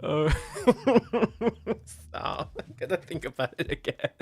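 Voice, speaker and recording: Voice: medium pitch, big pitch swings, slow pace, creaky, darkish tone, slightly rough, dry recording. Streamer caught in a helpless laughing fit. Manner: helpless laughing fit, gasping exclamations between bursts. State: sore throat and aching face from laughing. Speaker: VTuber streamer. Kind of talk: casual live stream chat.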